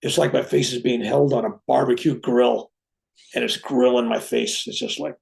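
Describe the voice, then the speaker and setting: Man, reverend, heavy gravelly fry, personal storytelling, animated delivery. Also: medium pitch, normal speed. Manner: animated, acts out dialogue in his own voice. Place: room at home with a bookcase.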